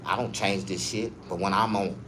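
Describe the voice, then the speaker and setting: A man's voice: fairly even intonation, moderate pace, slight background noise. Profane man telling a wild story. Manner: profane, swings from low mutter to loud high yelps. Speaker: comedian. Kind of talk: raunchy comic storytelling.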